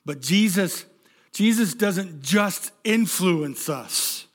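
A man's voice: high-pitched, expressive, slow. A middle-aged male pastor preaching a sermon, emphatic, with stammering restarts and direct questions to the congregation.

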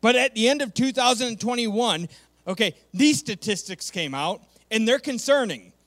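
A man's voice: very high voice, animated, normal speed, a bit bright. A man preaching a sermon as pastor, emphatic and conversational, often repeating key points and checking in with "okay".

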